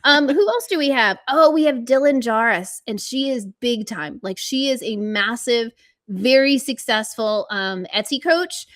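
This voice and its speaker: A woman telling stories in a casual podcast chat, animated and laughing often, as a guest on a video call. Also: a little high, unhurried, no echo, studio quality. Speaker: conference organizer and guest.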